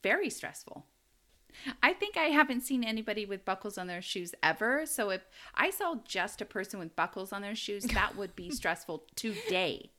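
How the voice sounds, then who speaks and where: An American woman with a bright, clear-edged voice co-hosts a relaxed true-crime podcast. She tells the story in a chatty way and breaks into laughter often. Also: medium pitch, moderate pace. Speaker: podcast co-host.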